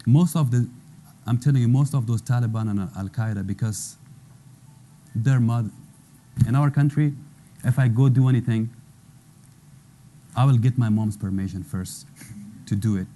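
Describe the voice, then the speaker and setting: A man's voice: medium pitch, normal speed, warm tone. A man in his thirties from Afghanistan with an Afghan accent, speaking broken English as he gives earnest personal testimony on a panel. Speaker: former interpreter, panel guest.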